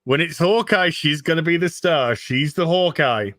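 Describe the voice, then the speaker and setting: A man's voice: on the high side, fairly bright tone, no room sound, studio quality. A man joining a livestream as a guest, chiming in casually and correcting details. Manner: quick interjections, corrects details. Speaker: guest co-host. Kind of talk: casual chat.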